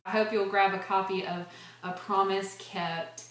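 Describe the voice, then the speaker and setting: A woman's voice: medium pitch, fairly even intonation, measured pace, fairly bright tone. A woman talking casually and earnestly about a book she loves, with many fillers and restarts. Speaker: book reviewer. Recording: very echoey room.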